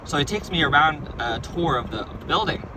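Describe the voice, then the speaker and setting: A man's voice: fairly high pitch, expressive, normal speed, noisy background. A young man casually recounting a strange dream, rambling with stumbling restarts and lots of "right?" and "like". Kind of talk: casual storytelling.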